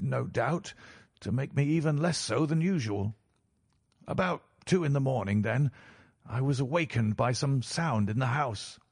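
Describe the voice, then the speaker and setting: Husky man, dry close sound, measured formal storyteller. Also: medium pitch, dry recording. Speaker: audiobook narrator. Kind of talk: first-person audiobook narration.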